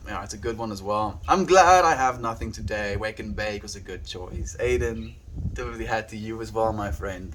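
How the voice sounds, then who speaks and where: A man's voice: fairly low pitch, slight background noise. Laid-back rambling male streamer. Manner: laid-back, rambling, warmly thanks viewers by name. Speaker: daily livestreamer. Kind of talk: casual livestream chat with viewers.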